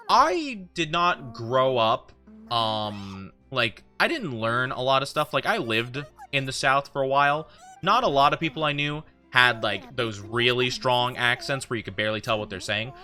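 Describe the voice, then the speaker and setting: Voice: mid-range voice, sharp tone. A VTuber streamer in rambling casual chat with viewers during a game stream.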